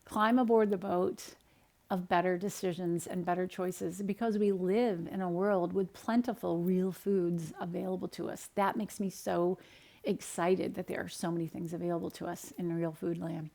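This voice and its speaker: A middle-aged woman dietitian from the United States, giving an upbeat, animated talk in her home kitchen and acting out the people in her stories. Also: fairly low pitch, normal speed, creaky. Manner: upbeat, animated, acts out quoted dialogue. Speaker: dietitian and speaker. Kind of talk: direct-to-camera talk with storytelling.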